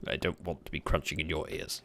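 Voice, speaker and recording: A man chatting casually at his desk while livestreaming a game, speaking into a desk microphone, with sudden excited yelps. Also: rumbling low, a little fast. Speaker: gaming livestreamer. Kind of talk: casual commentary while playing.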